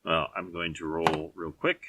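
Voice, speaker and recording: Deep-voiced male game master. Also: flat delivery, measured pace, noisy background. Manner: descriptive, with fillers and restarts. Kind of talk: narrating a tabletop game.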